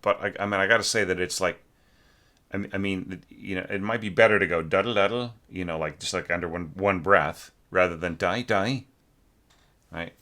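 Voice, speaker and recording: A man's voice: deep voice, level tone, brisk, bright, forceful tone. A man giving a loose, rambling spoken critique of a student's orchestration, full of fillers and sung musical figures. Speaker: orchestration teacher.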